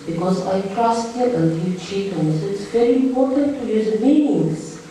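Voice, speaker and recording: A woman's voice: mid-range voice, expressive, normal speed, warm tone, slight background noise. A woman teaching belly dance steps, counting beats aloud and explaining the song's lyrics. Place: dance studio. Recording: echoey room, mic far off.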